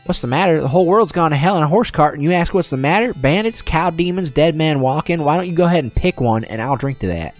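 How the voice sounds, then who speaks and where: A man's voice: a little high, lively intonation, quick pace, few pauses, soft background music, voice pushed up, natural voice. A man voicing a drunk, grumpy frontier doctor who talks in a sarcastic, exasperated way.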